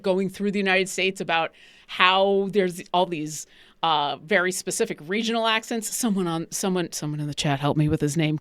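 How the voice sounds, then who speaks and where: A woman from Buffalo, New York, chatting casually on a live stream in an animated, emphatic, rambling way. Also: on the low side, no echo. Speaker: stream co-host.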